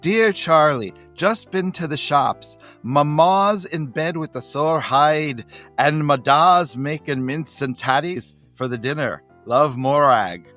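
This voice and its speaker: A chatty young Scottish girl pen pal, put on by a man in an exaggerated mock Scottish accent. She speaks high and slow with a sing-song lilt. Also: a bit bright, faint music behind. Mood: cheerful.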